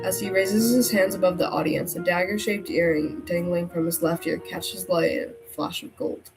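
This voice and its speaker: A woman streamer reading a story game aloud, breaking off into animated outbursts and jokes to her chat. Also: fairly low pitch, normal speed, gravelly, poor audio. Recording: game music and crowd sounds behind the voice. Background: game music and tavern crowd noise.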